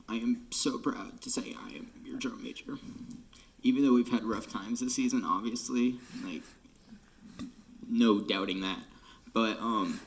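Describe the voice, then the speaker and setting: Young man, late teens, gravelly voice, emotional, half-whispering drum major farewell. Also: fairly low pitch. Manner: choked up, often dropping to a whisper, sighing. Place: band room.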